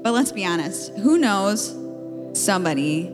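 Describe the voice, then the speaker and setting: A woman's voice: mid-range voice, lively intonation, unhurried. A woman in her thirties giving a chatty, playful conference talk from a stage, reading scripture and telling stories about her life. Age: 30s. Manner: chatty and playful, with lots of "like" and laughter. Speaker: podcast co-host speaking at a marriage conference. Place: conference stage in a large hall. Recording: live hall recording with reverb and music under it.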